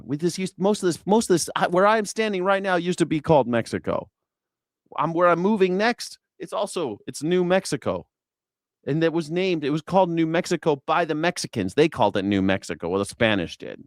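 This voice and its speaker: A man's voice: fairly high pitch, no echo, clean studio sound. Profane sarcastic male commentator. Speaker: host. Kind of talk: news reaction commentary.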